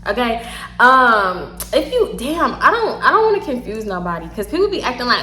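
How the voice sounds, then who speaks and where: Young tipsy Houston woman, animated storyteller, a little high-pitched, echoey room. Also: normal speed. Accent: Southern US, Houston. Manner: animated, laughs often, swears freely, acts out quotes. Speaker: storytime vlogger. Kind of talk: casual storytelling.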